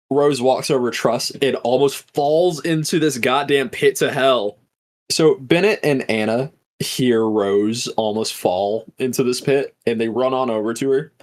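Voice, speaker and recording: A man's voice: mid-range voice, a little slow. A man hosting a podcast, recapping a film in a casual, swearing storytelling style. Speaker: podcast host.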